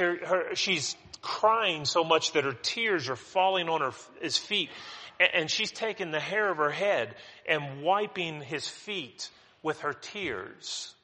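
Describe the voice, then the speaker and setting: A male pastor preaching a sermon in a church, emphatic and animated, repeating words as he builds his points. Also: on the high side. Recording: long hall reverb.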